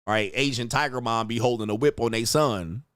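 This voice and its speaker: A man's voice: medium pitch, a little fast, fairly bright tone, smooth, no echo. Sex: man. Style: crude livestream rant. Sound: dry, close. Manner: crude, rambling, peppered with "all right" and laughter. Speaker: livestream host.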